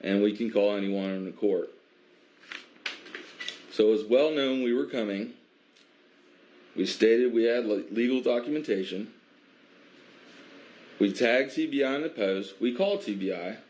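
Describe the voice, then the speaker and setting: Measured low-voiced man recounting. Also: a little mellow, slight background noise. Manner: measured, filler-heavy, stops to restart. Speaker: biker advocacy group member. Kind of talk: recounting an incident, casual monologue.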